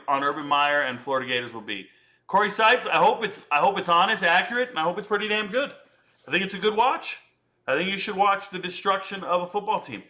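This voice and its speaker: A man's voice: high-pitched, bright, forceful tone. A man hosting a casual livestream chat, joking and boasting in slangy talk. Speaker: livestream host.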